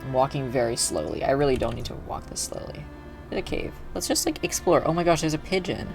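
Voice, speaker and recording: With music in the background, a young man streams a game and chats loosely, rambling, filling gaps with fillers and breaking off to restart. His mid-range voice swings widely in pitch, sounds creaky, and moves fairly quickly.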